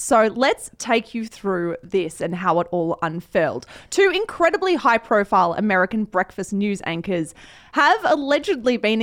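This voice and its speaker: A woman co-hosting a podcast in casual, bubbly chat, laughing often. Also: mid-range voice. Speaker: podcast co-host.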